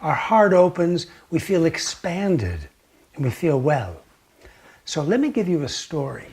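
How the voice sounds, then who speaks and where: A man giving a gentle teaching talk, telling a story slowly and sometimes dropping to a near whisper. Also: fairly high pitch, very animated, slightly rough. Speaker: meditation teacher.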